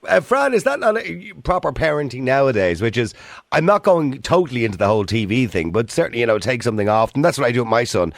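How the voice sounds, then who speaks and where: A man's voice: medium pitch, very animated, fast talker, creaky, no echo, studio quality. A man with an Irish accent hosting a phone-in radio debate, cutting in on callers to steer the talk. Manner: interrupts callers, moderates debate. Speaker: radio talk show host.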